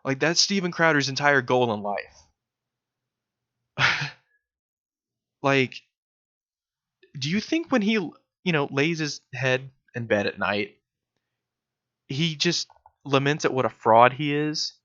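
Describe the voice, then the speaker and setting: A man's voice: mid-range voice, lively intonation, takes it slowly, long pauses, a bit bright. A young man giving casual, sarcastic video commentary, mocking his target with lots of fillers. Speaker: political commentator. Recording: dull lo-fi recording.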